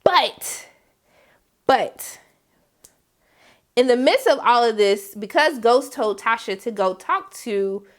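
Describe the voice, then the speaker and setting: Animated woman recapping a TV episode. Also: a little high, takes it slowly, pauses often. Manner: animated, slangy, acts out the scenes. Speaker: TV review vlogger.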